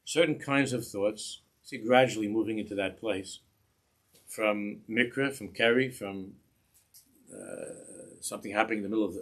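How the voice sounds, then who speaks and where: A man giving a religious lesson in a measured way, often repeating phrases as he searches for words. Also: on the low side, breathy edge. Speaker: religious teacher. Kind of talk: instructional talk to parents.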